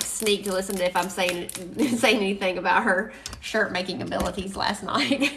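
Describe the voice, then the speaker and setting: A woman's voice: medium pitch, gravelly, a bit bright, a little hiss or hum. A woman hosting a crafting live stream, chatting in a rambling, chatty way and laughing often. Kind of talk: casual live stream chat.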